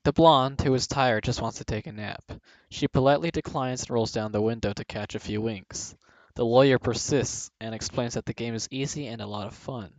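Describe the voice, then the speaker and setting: This young man's medium-pitched voice is a little mellow and a little fast as he reads jokes aloud for a video. He regularly dissolves into laughter mid-sentence, and the home recording is dry and dull.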